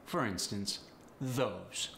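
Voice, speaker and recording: A man's voice: lowish voice, very slow, creaky, sharp tone, slight background noise. A man coaching accents in an upbeat, teasing teaching manner. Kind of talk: instructional video. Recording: roomy echo.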